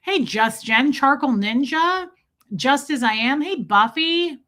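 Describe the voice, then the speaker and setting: A woman's voice: high-pitched, lively intonation, slow, pushed and bright. A woman hosting a casual livestream, chatting and teasing as she greets viewers one by one. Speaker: livestream host.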